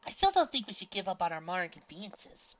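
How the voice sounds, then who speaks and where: A woman's voice: on the low side, big pitch swings, fast talker, highs cut off, pitched above the performer's own voice. A woman voicing a kindly, plain-spoken earth pony friend. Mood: caring.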